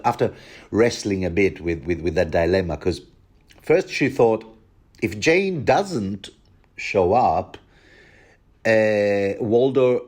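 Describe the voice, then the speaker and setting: Low-voiced guy rambling slow about a book, keeps getting sidetracked. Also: darkish tone. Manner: rambling, self-interrupting, laughs often. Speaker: podcast host.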